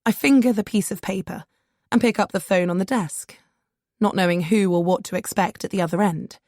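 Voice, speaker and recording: A woman's voice: medium pitch, brisk, darkish tone, dry recording, clean studio sound. A woman narrating a first-person audiobook in a nervous, self-deprecating voice.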